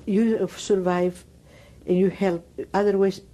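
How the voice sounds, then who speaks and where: Elderly Greek woman with mellow voice. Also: mid-range voice, steady tone, slow. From Greece. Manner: broken English, emphatic and repetitive storytelling. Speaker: Holocaust survivor interviewee. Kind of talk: oral history interview.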